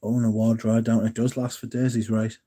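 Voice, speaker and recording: English bloke chatting on his stream, mellow low voice, rambles, restarts a lot, swears casually. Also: flat delivery, brisk. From England. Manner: rambling, self-correcting, jokey and profane. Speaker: livestream host. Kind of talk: casual livestream chat, reading out chat comments.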